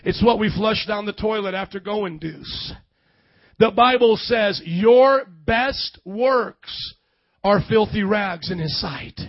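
A man preaching a lively sermon in a church, shifting between loud shouts and quiet passages. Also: high voice, slow pace, gravelly, no echo, muffled recording. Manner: energetic, swings from shouting to hushed. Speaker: pastor.

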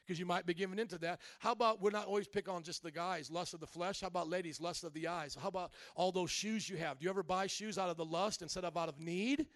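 A man preaching a sermon as pastor, animated, acting out little scenes and calling out to the congregation. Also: high voice, fast, few pauses, dry recording.

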